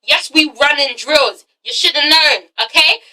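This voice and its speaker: A woman's voice: sits high, unhurried, bright, forceful tone, recorded from a distance, full character voice. Woman mimicking a jealous angry young man. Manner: confrontational, profane.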